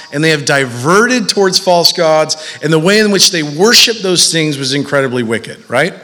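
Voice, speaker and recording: Animated high-voiced male preacher in a hall. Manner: animated, conversational preaching with fillers. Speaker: pastor. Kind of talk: sermon.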